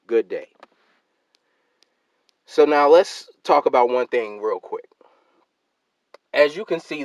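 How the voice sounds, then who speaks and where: A man hosting his own channel, ranting and reading out a comment exchange, getting loud and emphatic on his own replies. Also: on the low side, no room sound, highs cut off. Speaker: channel host.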